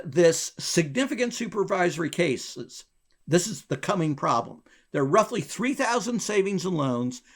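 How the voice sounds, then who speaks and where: A man being interviewed, a former bank regulator telling a long story in a lively, chuckling way with wide swings in his voice. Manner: animated, wide pitch swings, chuckles between phrases.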